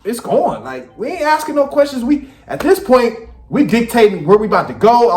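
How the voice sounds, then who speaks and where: A man, hosting a reaction video and giving blunt, profane, animated commentary. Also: high voice, normal speed. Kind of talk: casual commentary. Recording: echoey room with faint music.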